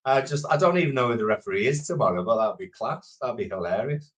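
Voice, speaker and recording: A man's voice: medium pitch, expressive, fast. A man co-hosting a fan football channel, easygoing and teasing, laughing along in casual chat.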